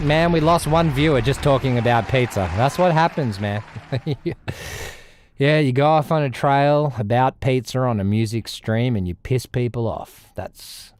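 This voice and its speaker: A young Australian man chatting casually on a music livestream, rambling, with loud bursts and low mutters. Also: no echo, clean studio sound. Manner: animated, rambling, swings between loud outbursts and mutters. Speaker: music streamer.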